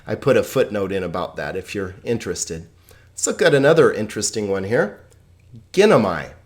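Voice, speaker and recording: A teacher giving a video lesson on Greek pronunciation, joking and chuckling, slowing down to drill words one by one. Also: low-pitched, very animated, darkish tone. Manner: playful, chuckles at own jokes; slow, deliberate word-by-word pronunciation drills.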